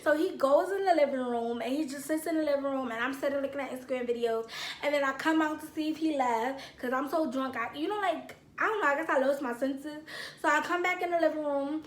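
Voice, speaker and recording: Animated high-voiced young woman telling a story. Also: fast, reverberant. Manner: animated, acts out both sides of a quarrel. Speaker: vlogger. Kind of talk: casual storytime.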